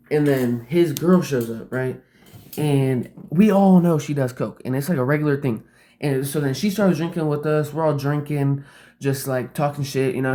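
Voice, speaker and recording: A man's voice: mid-range voice, darkish tone. A man telling a personal story in casual, rambling speech, packed with "like" and swearing. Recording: roomy echo.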